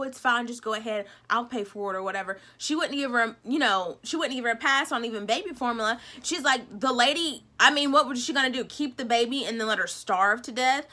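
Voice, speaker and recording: A woman's voice: a little high, pushed and bright. A young woman, casually recapping a TV episode in a sassy, chatty way. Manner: chatty, sassy, retells scenes acting out quotes. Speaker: TV recap vlogger.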